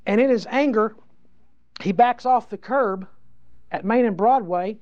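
A man's voice: sits high, unhurried, a little mellow, no room sound. Folksy preacher man, dry lo-fi sound. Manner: folksy, emphatic storytelling with frequent restarts. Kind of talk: sermon. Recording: dull lo-fi dry recording.

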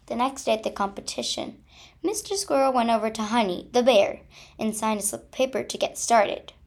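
A woman reading a children's story aloud and closing her channel video, with expressive, dramatic delivery. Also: fairly high pitch, normal speed.

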